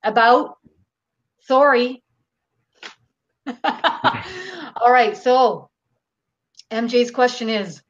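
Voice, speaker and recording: A woman's voice: a little high, slow pace, long pauses, muffled recording. A Canadian woman hosting a live channeling session, reading viewer questions aloud in a casual, unfiltered way. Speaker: host.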